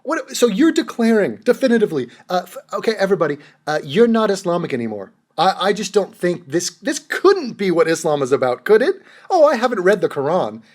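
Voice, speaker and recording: A man's voice: sits high, big pitch swings, fairly quick, hardly any pauses. A man giving a sarcastic, profane commentary rant, mocking and exasperated as he reacts to a clip. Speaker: commentary vlogger.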